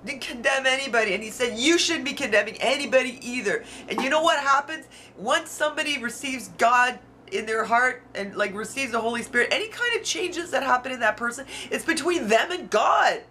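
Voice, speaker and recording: A woman's voice: high voice, expressive, fairly quick, hardly any pauses, bright, forceful tone, slight background noise. A woman venting on her video blog, outspoken and frustrated, swearing freely as she talks. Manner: heated, frustrated. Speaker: YouTuber. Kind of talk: emotional vlog rant. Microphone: camera mic.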